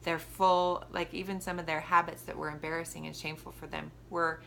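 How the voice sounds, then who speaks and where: A woman's voice: deep voice, flat delivery, brisk, creaky, a bit bright, slight background noise. A woman co-host in a casual chat who speaks with enthusiasm and emphatic affirmations.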